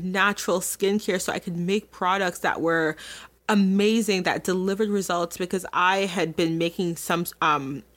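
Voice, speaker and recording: A young adult woman hosting a podcast, telling a personal story to her listeners in a candid, emotional way, with many fillers and restarts. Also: mid-range voice. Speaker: podcast host.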